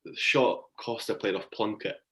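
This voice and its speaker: A man with a very low voice tells cricket stories in a relaxed, chatty way. He laughs through his anecdotes and talks casually as an interview guest. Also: normal speed. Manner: chatty storytelling, laughs often.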